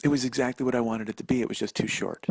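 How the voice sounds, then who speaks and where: A man's voice: medium pitch, steady tone, rapid-fire, gravelly, slightly rough, no echo. A man in his forties hosting a podcast, telling a personal story in a rambling, self-deprecating, profane way, recorded on a phone. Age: 40s. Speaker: podcast host. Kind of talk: solo storytelling monologue.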